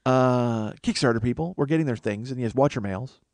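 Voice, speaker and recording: A man's voice: medium pitch, a little fast, a little mellow, no room sound. A man hosting a comedy podcast alone, rambling in a self-mocking way, losing his train of thought and sounding tired from lack of sleep. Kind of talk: rambling solo comedy monologue.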